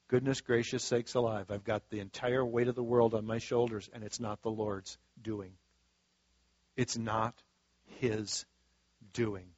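A male preacher giving a sermon in a folksy, conversational way, swinging between soft asides and loud emphatic stretches. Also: mid-range voice, dry recording. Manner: folksy and conversational, acting out quoted voices. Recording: dull, dry lo-fi sound.

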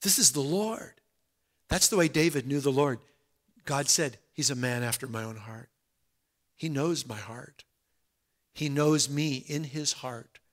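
A man preaching a sermon in an earnest, conversational way, dropping soft and then rising loud. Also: medium pitch, a little slow, long pauses.

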